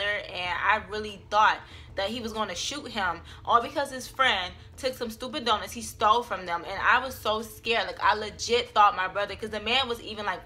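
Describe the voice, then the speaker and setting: A woman's voice: medium pitch, bright, forceful tone. A young adult woman telling a personal story on her vlog, in a chatty, dramatic style full of fillers. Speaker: vlogger.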